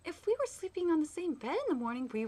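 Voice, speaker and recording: A woman's voice: high-pitched, very animated, fast talker, dark tone, voice pushed up. A woman reading manga aloud as a shy, lovestruck young woman, stammering nervously. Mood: flustered.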